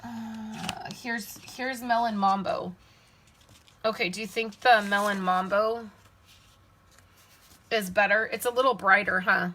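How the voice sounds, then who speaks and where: A woman's voice: medium pitch, fairly even intonation, takes it slowly, pauses often, sharp tone. A woman leading a casual live card-making demonstration, chatting and thinking aloud as she works and answering viewers' comments. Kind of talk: casual live crafting demo.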